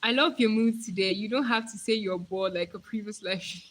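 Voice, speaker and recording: A woman's voice: medium pitch, brisk, fairly bright tone, slight background noise, poor audio. A young woman from Nigeria chatting casually on a live stream, hyper and talkative, reading viewer comments aloud.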